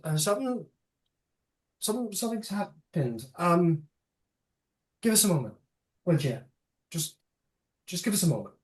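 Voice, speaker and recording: A game master voicing an older female elf druid who is bewildered and anxious, talking in halting, stammering restarts. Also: mid-range voice, very animated, pitched above the performer's own voice, lightly acted. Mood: shaken. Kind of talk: tabletop role-play.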